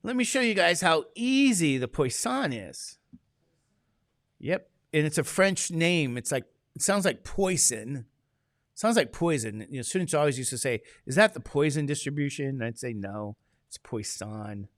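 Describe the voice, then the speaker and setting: A man's voice: on the high side, lively intonation, normal speed, a bit bright, no room sound, studio quality. A man teaching a classroom lecture, chatty and digressive, asking the class questions as he goes.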